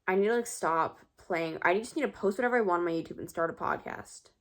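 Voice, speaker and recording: A woman's voice: on the low side, fast talker. A teenage girl vlogging in a casual, rambling, self-mocking monologue full of filler words. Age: teens.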